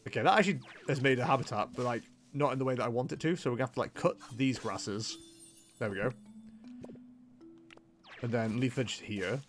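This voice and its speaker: A man streaming a video game and commenting casually, animated and jokey, with muttered asides. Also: mid-range voice, brisk, pauses often, soft background music. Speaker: gameplay streamer. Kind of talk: casual gameplay livestream commentary.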